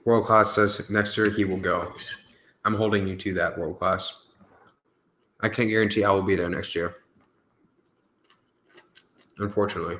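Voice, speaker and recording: A young man answers viewer questions on a live stream in loose, casual talk, peppered with fillers and swearing. His voice sits low but comes across forceful and bright. The sound bounces around a roomy space. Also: steady tone, normal speed, pauses often. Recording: echoey room.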